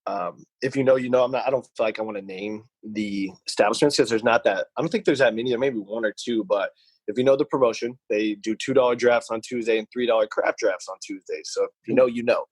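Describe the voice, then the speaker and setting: A man's voice: fairly low pitch, quick pace, darkish tone, husky, dry recording, low-quality recording. A man co-hosting a podcast, telling stories in a casual chat, rambling and repeating words as he goes. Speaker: podcast co-host.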